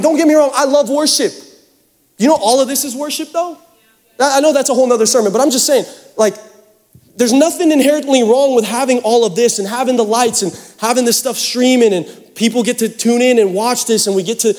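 This Seattle-area youth pastor has a very high voice and speaks fast, preaching to his congregation in a big church hall. His sermon features a lively, humorous story, and the recording carries long hall reverb.

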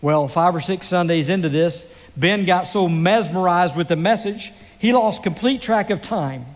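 A man preaching a sermon, telling a story slowly and dramatically with pauses. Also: sits high, big-room sound. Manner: slow, dramatic delivery with pauses. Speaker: pastor.

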